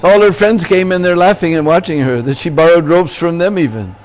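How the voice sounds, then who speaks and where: A man's voice: a little high, a little fast, darkish tone. A man giving a temple sermon, telling a story and checking in with listeners by asking "Hmm?" and "Huh?". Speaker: religious lecturer.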